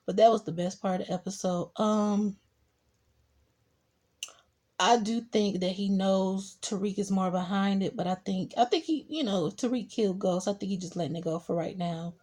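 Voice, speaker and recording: A young woman with a husky, mellow voice gives a casual recap of a TV episode. She tells it in an animated way and slips into short acted quotes of the characters. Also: mid-range voice, moderate pace. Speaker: TV show reviewer.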